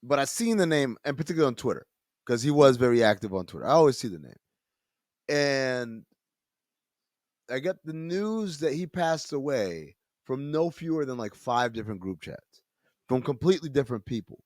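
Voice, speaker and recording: A man co-hosting a podcast, talking casually and haltingly, repeating words as he thinks. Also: mid-range voice, expressive, no room sound, clean studio sound. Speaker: podcast co-host.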